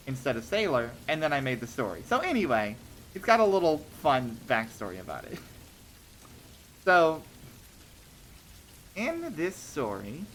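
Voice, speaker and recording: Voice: medium pitch, fairly bright tone, slight background noise. A streamer telling short stories on a casual livestream, hesitant with many ums and restarts, laughing between thoughts.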